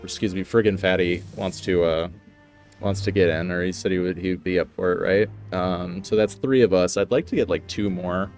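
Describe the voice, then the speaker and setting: Casting: male game streamer, lowish pitch, rambling casual chat, faint music underneath. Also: fairly even intonation, moderate pace, darkish tone. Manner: rambling storyteller, laughs often.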